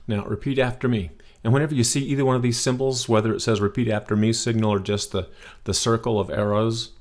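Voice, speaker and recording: A man's voice: mid-range voice, steady tone, quick pace. A man teaching a recorded beginner language lesson, patient and encouraging, checking in with "okay?" as he explains.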